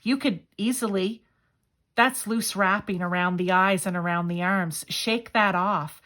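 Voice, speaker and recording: Woman doing a casual tarot card reading, talks right to viewers, excited, middle voice. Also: mid-range voice, a little slow. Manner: chatty, enthusiastic, talks straight to viewers. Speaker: tarot reader.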